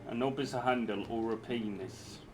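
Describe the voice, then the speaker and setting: A man's voice: mid-range voice, moderate pace, music in the background. A man streaming a video game, chatting casually with viewers, reading out chat and joking around. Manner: playful, jokey, reads chat aloud.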